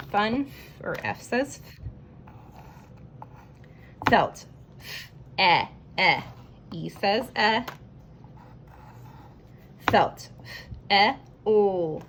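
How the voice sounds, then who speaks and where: A woman teaching a writing lesson to young children, slowly sounding out each word letter by letter. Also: medium pitch, a bit bright, a little hiss or hum. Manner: slow, stretched phonics sounding-out. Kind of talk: early-grade writing lesson, sounding out words.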